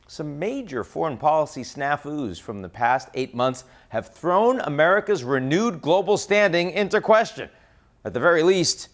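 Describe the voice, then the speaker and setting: Wry, animated male show host. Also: fairly high pitch. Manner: wry, sardonic, emphatic delivery. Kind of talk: scripted commentary monologue.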